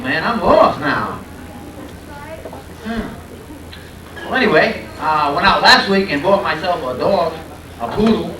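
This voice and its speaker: Loud high-voiced stand-up comic. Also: male voice, background noise. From Providence, Rhode Island. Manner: loud, punchy, working the crowd. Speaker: stand-up comedian. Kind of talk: stand-up comedy set. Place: comedy club stage. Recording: echoey club from a far camera, loud crowd.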